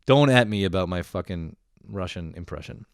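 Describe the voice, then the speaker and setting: A young man delivers a foul-mouthed comic rant, his fairly low voice leaping up and down as he gets worked up. He swears freely and sounds fed up with everyone. The recording is close and dry. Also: moderate pace, creaky, no echo. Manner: swears constantly, animated and exasperated. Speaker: comedic vlogger. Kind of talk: profane comedic rant.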